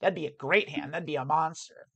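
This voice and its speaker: A woman streams poker, thinking aloud to explain each hand as she plays it and restarting her sentences often. Her low, husky voice has vocal fry, fairly even intonation, and a slightly quick pace, with no echo.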